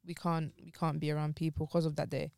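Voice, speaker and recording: A woman's voice: low-pitched, flat delivery, quick pace, creaky, darkish tone, no echo. A woman co-hosting a casual podcast chat, speaking openly and emotionally while grieving, her voice close to tears. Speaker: podcast co-host.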